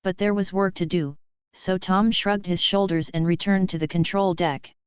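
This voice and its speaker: A woman narrating an audiobook in a steady, measured reading. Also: lowish voice, smooth, dry recording, dull audio. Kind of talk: scripted narration.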